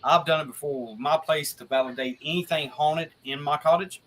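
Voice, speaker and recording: A man's voice: a little high, fairly quick, fairly bright tone, slight background noise. A man who is a guest paranormal investigator, talking casually on a video podcast and rambling with lots of restarts and casual swearing.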